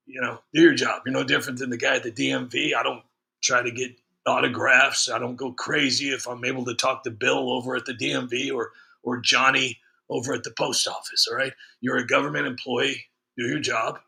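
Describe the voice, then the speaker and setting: A man hosting a stream speaks in a mid-range, creaky voice that sounds pushed and bright. He goes on a casual, ranting monologue, sarcastic and joking, with frequent fillers.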